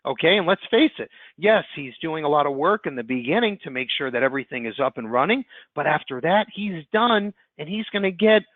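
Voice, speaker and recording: A man giving an upbeat, fast sales pitch as presenter on a webinar call. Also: expressive, no room sound. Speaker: insurance platform presenter. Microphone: conference call line. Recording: tinny phone-line audio.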